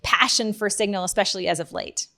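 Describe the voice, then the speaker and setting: A woman hosting a casual interview, friendly and quick to laugh, asking open questions. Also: mid-range voice, sharp tone. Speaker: host.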